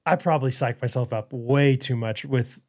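A man's voice: mid-range voice, moderate pace, darkish tone. A man in his thirties co-hosting a casual comedy podcast, joking around and reading listener reviews. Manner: jokey, reads listener reviews with mock-Trump delivery. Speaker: podcast co-host.

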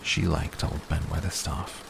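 Male narrator, soft bedtime audiobook, very low voice, gravelly, faint rain behind. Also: a little slow, background noise. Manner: soft, calm, even. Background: rain sounds.

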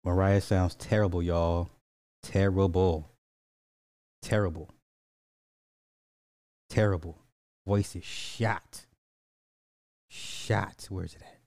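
A man's voice: low-pitched, steady tone, slow, pauses often, warm tone, no echo, clean studio sound. A man, reacting to music clips in casual commentary, blunt and petty, drawing out repeated words. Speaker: reaction streamer.

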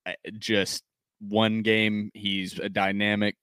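A man co-hosting a casual sports podcast, reading game stats in a steady recap and joking with his co-host. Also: fairly low pitch, smooth, no echo, studio quality. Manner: reads box-score stats in a steady, measured recap.

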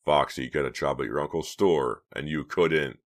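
A man playing a sly, restless teenage boy. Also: moderate pace. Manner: sly, low and offhand.

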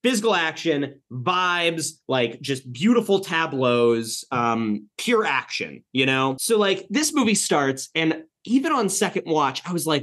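A man co-hosting a casual film podcast, talking in an animated way, swearing freely and laughing often. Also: fairly high pitch, normal speed, few pauses. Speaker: podcast co-host.

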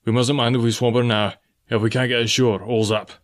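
A man reading the part of a stern, steady sea captain who gives clipped orders. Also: mid-range voice, fairly quick, close to an everyday voice. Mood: urgent. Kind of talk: audiobook dialogue reading.

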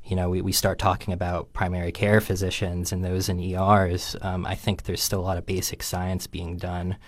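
A man speaking as a health reporter on a news panel, measured and hedging with fillers. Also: low voice, completely flat delivery, no room sound.

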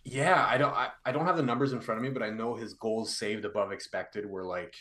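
A man appearing as a guest analyst on a hockey podcast, talking through plays in a measured, analytical way with many fillers. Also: lowish voice, bright, forceful tone. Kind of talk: casual hockey podcast chat.

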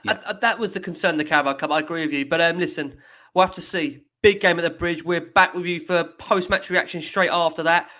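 A man's voice: on the high side, steady tone, fast talker, sharp tone. A man hosting a football fan podcast, upbeat and enthusiastic. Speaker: podcast host. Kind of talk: casual chat.

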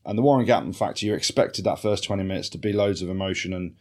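An English man co-hosting a sports podcast, animated and swearing freely in casual banter. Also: low voice, quick pace. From England. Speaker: podcast co-host.

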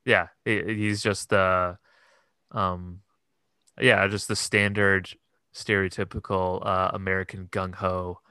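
A man's voice: deep voice, level tone, takes it slowly, bright, forceful tone, clean tone, dry recording, clean studio sound. A young man co-hosting a podcast, chatting casually about a film with plenty of fillers and restarts. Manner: hesitant, many fillers and restarts. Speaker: podcast co-host.

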